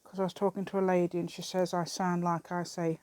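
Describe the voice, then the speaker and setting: Chatty woman, slightly low voice, dry sound, rambling craft-vlog chat, self-deprecating. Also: flat delivery, a little fast, a little mellow, no room sound. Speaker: craft vlogger. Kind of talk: casual chat while crafting. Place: at an outdoor table. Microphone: camera set on the table.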